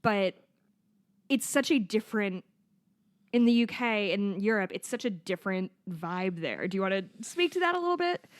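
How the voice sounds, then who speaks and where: A woman podcast host who grew up in Chicago, in relaxed conversation. She frames her questions at length with personal stories before handing them to her guest. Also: mid-range voice, moderate pace. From Chicago, USA. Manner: chatty, asks long framing questions. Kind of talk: casual interview chat.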